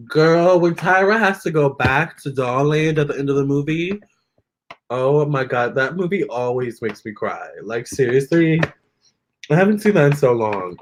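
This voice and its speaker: A young man chatting casually with viewers during a live stream, expressive and talking straight to his audience. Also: medium pitch, slight background noise. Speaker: live-stream tarot reader.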